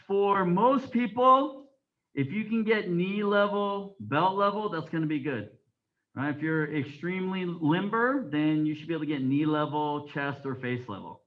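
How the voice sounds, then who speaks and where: A man teaching a taekwondo class, counting aloud in Korean and giving sharp commands between calm explanations. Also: high-pitched. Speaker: taekwondo instructor. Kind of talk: teaching a martial arts class. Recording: dull lo-fi sound.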